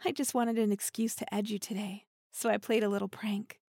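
A woman's voice: mid-range voice, level tone, fairly quick, creaky, warm tone, no echo. A young woman playing a teasing, dominant female partner in an intimate audio role-play, giggling and slipping into half-whispers close to the mic.

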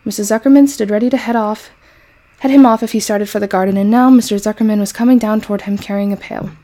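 A woman reading a children's novel aloud in an expressive storybook manner. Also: mid-range voice, quick pace.

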